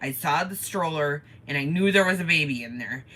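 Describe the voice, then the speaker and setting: A woman with a rather low voice and a bright, forceful tone, spinning a story during a casual live chat. She tells it in an animated way and swears freely. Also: brisk. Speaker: co-host of a live chat stream.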